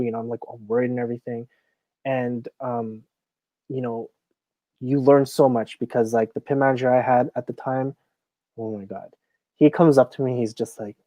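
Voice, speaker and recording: A casino floor supervisor with a mid-range voice guests on a casual interview, speaking at normal speed with no echo. He retells his stories in an animated, chatty way, packed with fillers.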